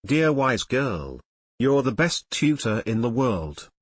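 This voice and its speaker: A lovesick, awkward teenage boy speaks in tender, confessional tones, as a male reader voices him. His pitch rises and falls freely, and the sound is dry and close. It is an audiobook reading of fan fiction. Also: big pitch swings, slow pace, husky, no room sound, heavily acted.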